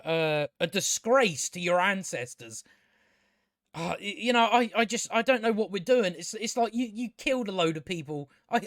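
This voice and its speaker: Male TV reviewer, high-pitched, dry recording, profane and sarcastic, stumbles over his words. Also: a bit bright, dry recording. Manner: stammering, frequent restarts. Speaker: TV show reviewer. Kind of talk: casual solo review rant.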